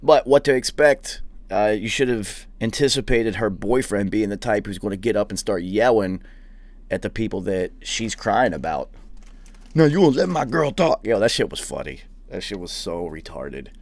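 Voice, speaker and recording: A man's voice: on the low side, moderate pace, no room sound. A young man hosting a podcast, telling profane, rambling anecdotes in a casual chat. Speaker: podcast host. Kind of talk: casual storytelling.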